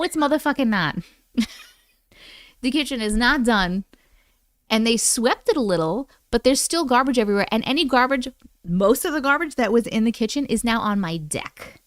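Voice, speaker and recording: A woman's voice: a little high, moderate pace, pauses often, no echo, clean studio sound. A woman with an Oklahoma accent hosting a casual livestream, venting with lots of swearing and laughter while reading viewer chat. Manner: animated, exasperated venting with frequent swearing and laughter.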